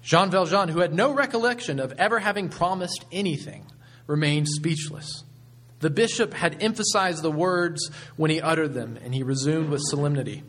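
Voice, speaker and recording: Measured, higher-voiced male pastor. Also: fairly bright tone. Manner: measured storytelling with frequent fillers. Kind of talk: sermon.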